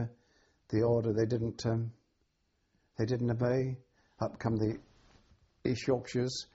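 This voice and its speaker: An older man being interviewed, recalling events with a halting delivery full of ums and restarts. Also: on the low side, mellow, slightly rough, lo-fi sound. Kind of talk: oral history recollection.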